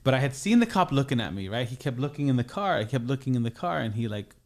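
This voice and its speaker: Casting: young adult man, podcast guest, mid-pitch voice, loose storyteller who keeps circling back with fillers. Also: big pitch swings, quick pace. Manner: rambling, heavy on "like" and restarts. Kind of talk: casual storytelling.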